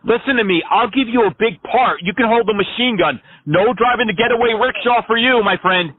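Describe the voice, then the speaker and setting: High-voiced guy doing a prank call, brash and swearing, tinny phone sound. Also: brisk, dry recording. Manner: brash, profane, rambling absurd rants. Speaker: prank caller.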